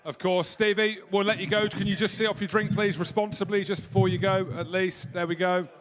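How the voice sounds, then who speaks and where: A man's voice: high-pitched, level tone, brisk. A man hosting a live rugby panel in front of an audience, teasing the guests and joking. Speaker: host.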